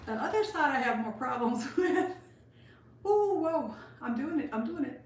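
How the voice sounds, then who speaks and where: An older woman livestreams from her kitchen at home, a bit breathless as she chats with viewers and welcomes them by name. She speaks briskly and animatedly in a high voice, recorded from a distance in an echoey room.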